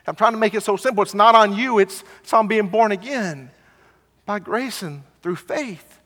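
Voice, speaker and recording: A man with a high voice and a fairly bright tone preaches at a moderate pace, and the sound carries like a big room. Earnest and repeating his phrases, he reads scripture and acts out its people, voicing the Pharisees mockingly.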